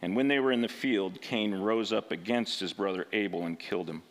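A man's voice: on the low side, a little fast. A man preaching a sermon in a conversational way, often asking rhetorical questions and checking in with "right?".

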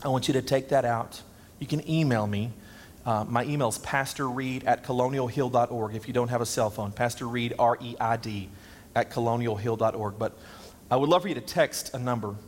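A man's voice: mid-range voice, fairly quick, a little hiss or hum. A man preaching a sermon as pastor, conversational and self-deprecating. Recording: long reverb.

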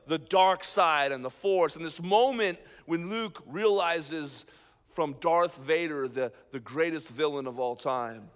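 A man, a pastor, preaching a sermon with animated emphasis, swinging between loud points and quiet asides. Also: a little high, slow. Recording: long hall reverb.

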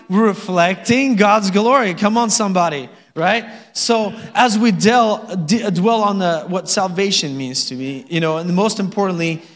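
Joking pastor in a reverberant church. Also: male voice, high voice. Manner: conversational and joking, with frequent laughs and "amen?". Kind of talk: sermon. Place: church sanctuary.

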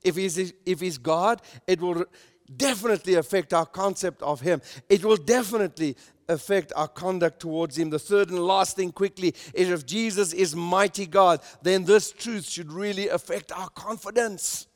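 Pastor, male, high-pitched preaching voice, emphatic swells and hushed drops, long hall echo. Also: moderate pace. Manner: emphatic preaching, swelling loud then dropping soft. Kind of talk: sermon.

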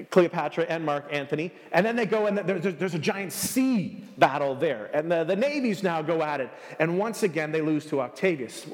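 A male pastor delivers a sermon, retelling history with animated, joking storytelling. His voice sits high, and a long hall reverb trails after each line.

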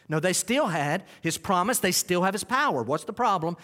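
A man preaching a sermon, animated, swinging between quiet asides and loud climaxes. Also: high voice, normal speed, hardly any pauses, big-room sound. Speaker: pastor.

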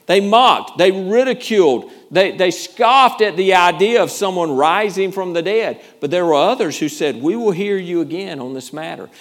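A man's voice: high-pitched, lively intonation, normal speed, few pauses. A male pastor preaching a sermon in an earnest, emphatic way, often repeating words as he goes.

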